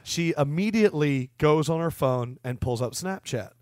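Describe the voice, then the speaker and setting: A man's voice: a little high, normal speed, no echo, clean studio sound. A man in his early thirties co-hosting a podcast, chatting casually and acting out bits of dialogue in his stories. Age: 30s. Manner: animated storyteller, acts out dialogue. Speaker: podcast co-host. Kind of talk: casual chat.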